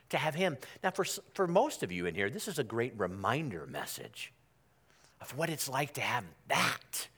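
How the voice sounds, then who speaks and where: A pastor preaching a conversational sermon in a church, repeating himself and calling on the congregation to respond. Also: male voice, mid-range voice, sharp tone. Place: church sanctuary.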